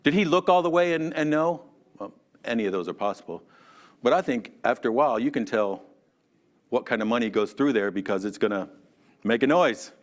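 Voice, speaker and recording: A man teaching a Sunday school class in a church, chatty and animated, calling on class members by name. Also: mid-range voice, fairly quick. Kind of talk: conversational sermon.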